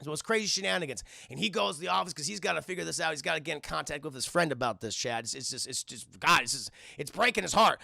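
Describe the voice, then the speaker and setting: A man recapping a film on a live stream in an animated, profane way, constantly talking to his chat. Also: on the high side, fast talker, gravelly, hardly any pauses, no echo.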